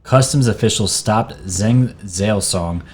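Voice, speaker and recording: A man's voice: on the low side, slow pace, darkish tone, slight background noise. A man who hosts a channel, talking casually about what he reads from a screen, with frequent hesitations and restarts. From New York. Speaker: channel host. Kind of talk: casual commentary reading from a screen.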